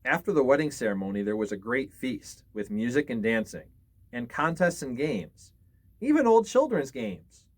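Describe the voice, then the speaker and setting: A man's voice: medium pitch, lively intonation, moderate pace. A man reading scary stories aloud, expressively and with small slips. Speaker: storyteller.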